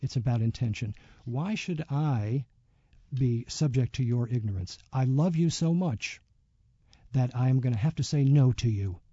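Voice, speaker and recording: A man being interviewed as a yoga teacher, speaking reflectively and telling a story with many pauses and fillers. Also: medium pitch, mellow, husky, no echo, dull audio. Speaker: yoga teacher and author, guest. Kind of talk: radio interview.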